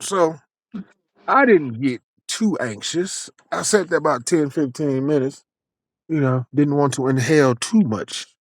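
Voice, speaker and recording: A man telling a long personal story in a casual, animated, profane way, acting out lots of dialogue. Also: a little high, measured pace, no echo.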